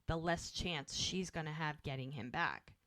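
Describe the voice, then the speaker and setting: Lower-voiced woman recapping a show. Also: normal speed, dry recording, studio quality. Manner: animated storyteller, acts out quoted lines. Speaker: podcast co-host. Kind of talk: casual recap chat.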